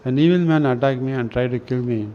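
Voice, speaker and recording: A man reading spiritual scripture aloud in a slow, halting way, often restarting words and clearing his throat. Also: medium pitch. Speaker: reader of a spiritual newsletter. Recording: dull lo-fi recording with faint noise.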